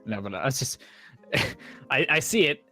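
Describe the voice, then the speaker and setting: Man on a headset mic, casual animated chat, mid pitch, faint music behind. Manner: animated, laughing, fast pitch jumps. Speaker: podcast guest, VR prank YouTuber.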